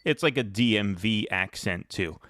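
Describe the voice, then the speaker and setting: A man's voice: lowish voice, expressive, moderate pace, fairly bright tone, no echo. A man from the New York City area hosting a political podcast, talking bluntly and with strong opinions. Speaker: podcast host. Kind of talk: casual political podcast chat.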